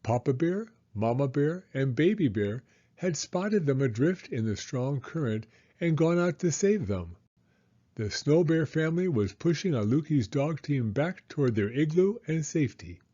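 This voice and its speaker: A man reading a children's story aloud with expressive, unhurried narration. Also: fairly high pitch, dull audio. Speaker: storybook reader.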